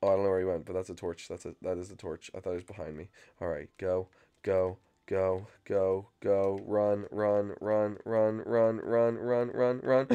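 A young man doing excited, frantic gameplay commentary as a channel host, often yelping and screaming when chased. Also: fairly low pitch, moderate pace, vocal fry, clear, resonant tone.

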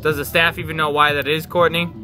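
A man voicing a doubtful, questioning companion character in a video game, in a higher voice. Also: level tone, fairly quick, pushed and bright, faint music behind. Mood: skeptical. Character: questioning, skeptical companion Lucy.

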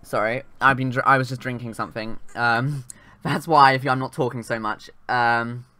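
Young adult, let's-play commentator; chatty, self-interrupting, addresses the game's characters, average pitch. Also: fairly even intonation, moderate pace, pushed and bright. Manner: chatty, rambling, talks to game characters, often trails off. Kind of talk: casual gameplay commentary.

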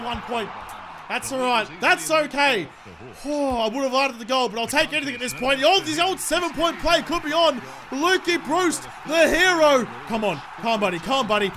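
A young man giving excitable live commentary over a football video game, swearing and shouting at his players. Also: very high-pitched, moderate pace, a crowd in the background. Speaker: gaming YouTuber.

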